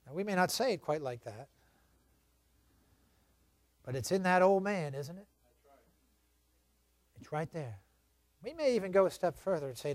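A male preacher delivering a sermon with a high, lively voice that leaps between near-whispers and fervent shouts. The sound is dry and close, with no room behind it. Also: moderate pace, pauses often, no room sound. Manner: swings from shouting to hushed, dramatic.

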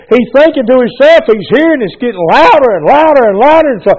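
Folksy, high-voiced preacher. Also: male voice, expressive, fast talker, few pauses. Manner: folksy, fervent preaching with colloquial grammar and frequent calls of "Amen". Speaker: pastor. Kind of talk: sermon. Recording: dull lo-fi recording.

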